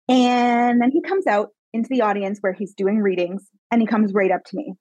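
Woman from Canada, podcast guest; emphatic, animated storyteller, mid pitch, close dry sound. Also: fairly quick, few pauses, no echo, rough recording. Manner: animated, emphatic, frequent "like" fillers. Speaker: guest, psychic medium mentor. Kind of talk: personal storytelling in a podcast interview.

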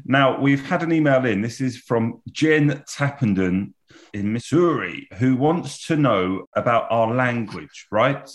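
A man's voice: mid-range voice, animated, measured pace. A man hosting a podcast over a video call, chatting in a friendly, teasing way and reading out listener emails. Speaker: podcast host.

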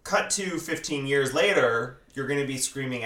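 A woman's voice: extremely low pitch, moderate pace. A young woman co-hosting a podcast, telling stories in a casual chat, acting out quotes and laughing often. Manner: animated storyteller, acts out quotes, laughs a lot. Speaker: podcast co-host. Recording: roomy echo.

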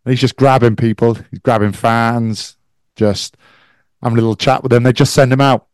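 A man's voice: medium pitch, fairly even intonation, moderate pace, clear, resonant tone, no echo. A man co-hosting a podcast, chatting casually and adding dry quips. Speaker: podcast co-host. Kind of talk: casual chat.

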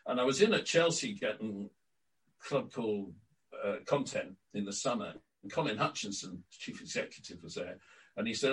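An older man, a guest on an interview podcast, telling lively stories from his career and acting out quotes. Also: fairly low pitch, normal speed, distant mic, poor audio. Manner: lively raconteur, acts out quotes. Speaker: interview guest, former club announcer. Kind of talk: anecdotal storytelling.

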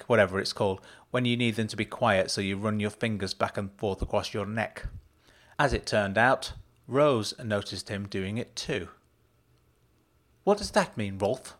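A man narrating a first-person story in a measured, plain reading. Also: on the low side, fairly even intonation, fairly bright tone.

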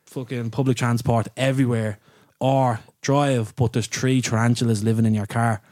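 Chatty podcast co-host. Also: male voice, mid-range voice, level tone, normal speed, darkish tone, dry recording, studio quality. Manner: chatty, rambling, sets up questions with slang. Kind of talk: casual chat. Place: recording studio.

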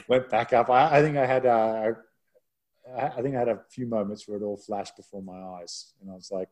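A man's voice: lowish voice, fairly quick, darkish tone. A man who works as a rugby broadcaster, telling a self-deprecating story in a casual podcast chat.

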